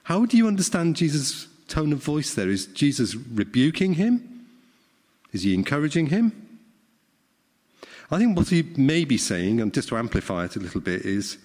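A man's voice: medium pitch, sing-song, moderate pace, a little mellow. A middle-aged man, preaching a sermon in a conversational way and often asking the congregation questions. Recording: long hall reverb.

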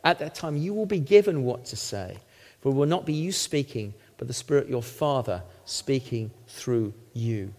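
A middle-aged man, a former lawyer, preaching a sermon with emphatic, animated teaching and frequent check-ins with the congregation. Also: medium pitch, moderate pace. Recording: long hall reverb.

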